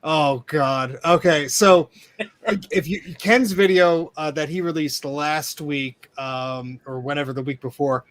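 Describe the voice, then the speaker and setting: A man co-hosting a casual online show, telling a funny story with animated bursts and acted-out exclamations. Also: a little high, unhurried. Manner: animated storyteller, acts out voices in anecdotes. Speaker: podcast co-host. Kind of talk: casual chat.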